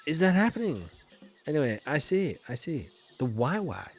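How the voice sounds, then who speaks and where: A playful Yorkshire man commentating a game on a livestream, putting on mock-posh airs. His voice sits slightly high and swoops widely, jumping from loud greetings to low mumbles. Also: big pitch swings, moderate pace, gravelly, faint music behind. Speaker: streamer.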